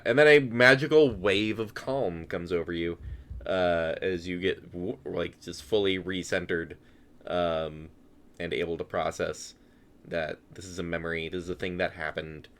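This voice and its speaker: A man narrating as game master of a tabletop game. His voice sits somewhat low, and he talks in a relaxed way, chuckling often and filling pauses with ums. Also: a little hiss or hum. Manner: relaxed, chuckling, many fillers.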